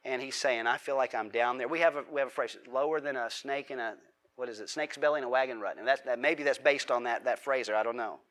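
A man's voice: medium pitch, fast talker, a bit bright. A man preaching a sermon as a pastor, talking casually, asking the congregation questions and acting out heartfelt prayers.

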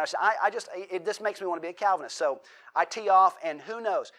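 A man preaching a sermon in a conversational way, repeating and restarting words, and building to animated stories. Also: high voice, fast. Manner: conversational, animated storytelling with rising emphasis.

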